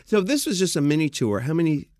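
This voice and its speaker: A man's voice: on the high side, sing-song, fast talker, a little mellow, no echo, studio quality. A man hosting a podcast, chatting casually with playful teasing and supportive murmurs. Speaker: podcast host. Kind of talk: casual chat.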